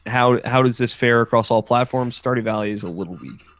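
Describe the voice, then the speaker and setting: A man's voice: medium pitch, fairly quick, dry recording. Laid-back rambling podcast guy, dry sound. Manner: relaxed, rambling, many fillers. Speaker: podcast co-host. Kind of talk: casual chat.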